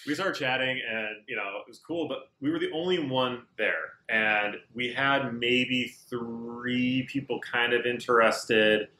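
A man at a middle pitch tells self-mocking stories about running a barbershop, casual and a bit profane. His voice rings in a roomy, echoey space. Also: measured pace, few pauses, bright, forceful tone. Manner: storytelling, self-mocking, swears. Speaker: barbershop owner, co-host. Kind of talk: casual chat. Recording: roomy echo.

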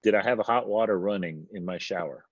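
A man hosting an interview over a video call, asking questions in a halting, casual way. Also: fairly low pitch, no echo. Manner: halting, casual, thinks aloud. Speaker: host. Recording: dull lo-fi video call audio.

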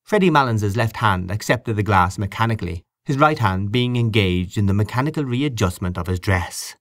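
A man narrating a literary audiobook in a measured, expressive way. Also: fairly low pitch, no echo, clean studio sound. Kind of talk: audiobook reading of literary fiction.

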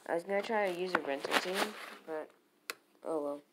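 A woman casually commentating her own game battles, muttering to herself and bursting into loud cheers. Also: lowish voice, moderate pace, very noisy.

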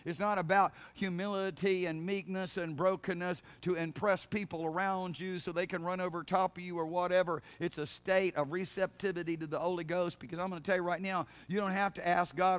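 Guy pastor preaching, kinda high voice, repeats himself a lot, throws in hallelujahs. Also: fairly even intonation, brisk, few pauses. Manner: preaching, rising to loud fervent cries of prayer; repeats points and says hallelujah with a laugh. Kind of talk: sermon.

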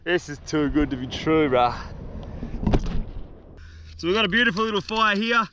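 A young Australian man vlogging a solo survival trip outdoors, excitable and slangy, talking straight to camera. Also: fairly high pitch, normal speed, highs cut off, noisy background. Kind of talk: casual outdoor vlog. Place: outdoors on a beach in the bush.

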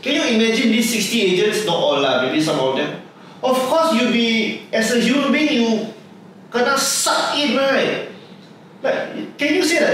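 A Singaporean man in his thirties answers viewers' questions on a casual livestream. He jokes and leans on local particles, and his voice sits fairly high. He sounds distant from the phone in a strongly echoing room with faint background hum. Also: expressive, normal speed, a bit bright. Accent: Singaporean English. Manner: chatty, joking, Singlish particles. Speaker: property agent and livestream host. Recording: very echoey room, distant mic.

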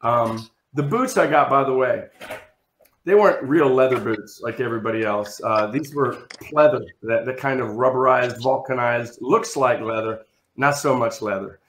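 A man telling a rambling, self-mocking comic story over a video call, acting out other people with big shouts. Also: mid-range voice, moderate pace, echoey room, slight background noise, low-quality recording. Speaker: storyteller on a comedy show.

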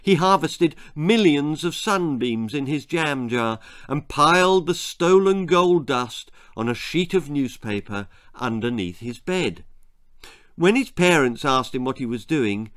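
A man's voice: mid-range voice, a bit bright. A man reading his own children's story aloud in a relishing, theatrical manner.

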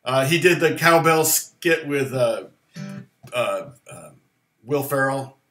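A man's voice: medium pitch, expressive, slow pace, pushed and bright, echoey room. A middle-aged man hosting a casual livestream guitar lesson, rambling with fillers and laughs.

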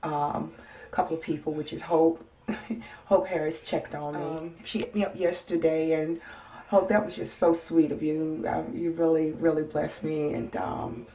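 Low, gravelly-voiced woman in pain. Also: little pitch movement. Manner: soft-spoken, halting with many ums and sighs. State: in pain, weary. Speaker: vlogger. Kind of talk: casual personal health update. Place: home, indoors.

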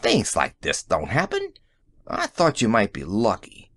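A man reading the part of a shaken middle-aged police sergeant in an audiobook, with a hoarse, blunt way of talking. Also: lowish voice, huge pitch swings, unhurried, a bit bright, exaggerated voice. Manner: blunt, plain street talk.

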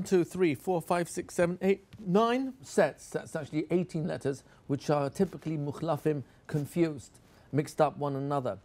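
A man giving an instructional lecture to teachers, animated and acting out classroom scenes as he explains. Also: fairly high pitch. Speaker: teacher trainer.

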